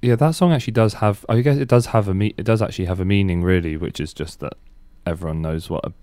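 A man's voice: low-pitched, quick pace, dark tone, no room sound, clean studio sound. A man, a band guest on a radio show. He answers casually and hesitantly, filling his sentences with "like". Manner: hesitant, filler-heavy, lots of "like". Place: radio studio.

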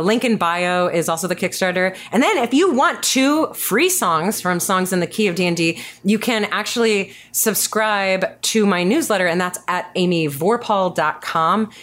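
A woman guesting on a podcast and chatting casually in a brisk, friendly way. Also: fairly low pitch.

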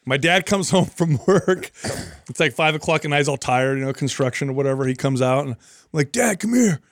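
A man who trains clients, co-hosting a casual chat and telling relaxed anecdotes with casual swearing. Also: medium pitch, a little fast, no echo. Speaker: podcast co-host, fitness trainer.

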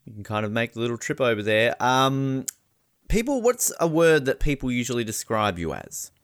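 A man's voice: medium pitch, very animated, normal speed, no echo, clean studio sound. A man hosting an interview, chatty and joking, calling his guest "mate". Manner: chatty, jokey, says "mate". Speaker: interview host. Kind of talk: casual interview chat.

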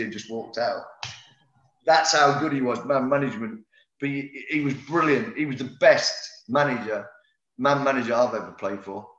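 A man's voice: mid-range voice, moderate pace, a bit bright. Man, middle-aged, casual storytelling, echoey room, muffled sound. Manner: rambling anecdotes, many fillers and restarts. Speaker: former footballer guest. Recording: roomy, slightly dull sound.

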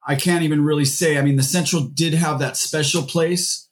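A man's voice: fairly high pitch, steady tone, normal speed. A man, a musician guest, talking casually in an interview and rambling through his stories with lots of fillers and restarts. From Seattle area.

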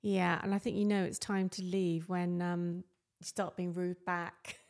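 A woman's voice: fairly low pitch, little pitch movement, unhurried, a little mellow. A woman in her fifties, a mother co-hosting a casual chat podcast, chatty and teasing. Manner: chatty, teasing, laughs often.

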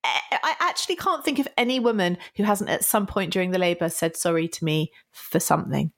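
A woman's voice: fairly low pitch, fairly quick. Laughing woman podcast co-host. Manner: laughs often, acts out apologetic quotes. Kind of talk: casual podcast chat.

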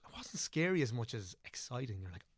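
A man's voice: medium pitch, sing-song, brisk. A young Irish man chatting casually as a podcast guest, rambling and correcting himself as he goes.

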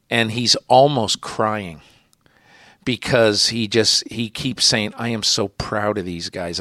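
A male podcast host interviewing a guest, telling anecdotes with lively energy and some hesitant restarts. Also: fairly low pitch, dry recording, clean studio sound. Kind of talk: conversational interview.

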